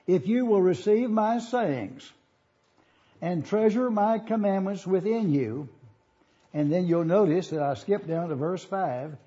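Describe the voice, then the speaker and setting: A man's voice: high-pitched, dark tone, husky, muffled recording. A man preaching a sermon in an auditorium, teaching and asking listeners to follow along in their Bibles.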